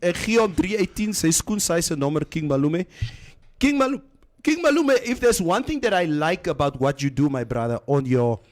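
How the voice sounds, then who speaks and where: A man's voice: fairly high pitch, normal speed. A man hosting a morning show, chatting casually and reading out listener comments while slipping into Afrikaans phrases. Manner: animated, slips into Afrikaans phrases. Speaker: radio show host.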